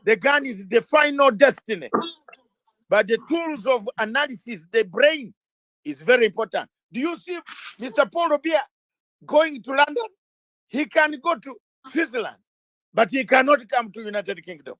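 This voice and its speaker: A man's voice: very high voice, animated, moderate pace, a bit bright, no room sound. A man speaking as an interview guest, emphatic and combative, firing rhetorical questions, sometimes stumbling and restarting words. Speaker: interview guest, legal campaigner. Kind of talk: impassioned interview talk.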